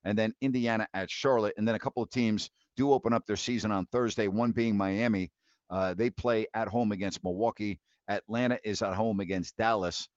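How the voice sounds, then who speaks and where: A man's voice: lowish voice, steady tone, fairly quick, no room sound. Man, 50s, sports talk host, blunt ranting, dry sound, muffled lo-fi audio. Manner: blunt, ranting, laughs in disbelief, many restarts. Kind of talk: live call-in sports talk. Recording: dry, dull lo-fi mic.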